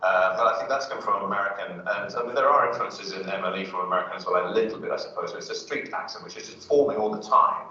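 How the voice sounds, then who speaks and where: A man's voice: sits low, steady tone, fast talker, few pauses, bright, forceful tone, heavy reverb, far from the mic, highs cut off, slight background noise. A man speaking as a studio guest, explaining things fluently with plenty of fillers on a chat show.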